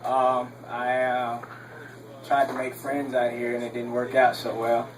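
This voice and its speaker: A man's voice: mid-range voice, monotone, a little slow, recorded from a distance, background noise. A young man from Texas doing a stand-up comedy set on a club stage, rambling with lots of ums and laughing at his own jokes.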